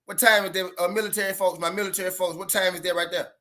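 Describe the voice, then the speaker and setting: A man's voice: high voice, steady tone, fast, pushed and bright. A man with a Southern US accent hosting a casual boxing livestream, chatting loosely with viewers and repeating himself.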